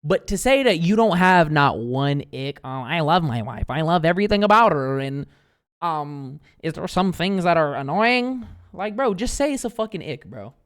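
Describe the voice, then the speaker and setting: A man's voice: a little high, lively intonation, normal speed, fairly bright tone, clean tone. A man co-hosting a stream, chatting loosely and full of slang. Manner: loose, slangy, says "bro" a lot. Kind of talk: casual reaction chat.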